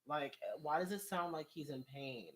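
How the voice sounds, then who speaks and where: This vlogger's voice is fairly high and his pace moderate. In casual commentary he goes through viewer comments, rambling with exasperation, laughing frequently and getting higher-pitched as he gets worked up.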